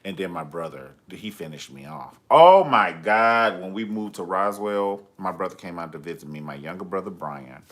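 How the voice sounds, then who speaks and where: A man hosting a livestream from home, telling stories in a sassy, profane, animated way. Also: deep voice, normal speed, hardly any pauses. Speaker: livestream host. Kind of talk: comedic storytelling.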